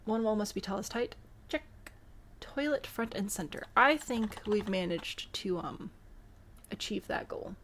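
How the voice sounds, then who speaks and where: A woman's voice: medium pitch, expressive, a little slow, fairly bright tone, slight background noise. A woman live-streaming a building game, chatty and self-amused as she talks to her chat while she builds. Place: home room.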